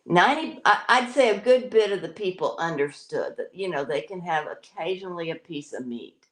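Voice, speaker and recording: A middle-aged woman hosting a casual home stream, rambling and chatty with plenty of fillers and restarts. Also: sits low. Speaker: parrot owner and show host. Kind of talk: casual live-stream chat. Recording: roomy echo.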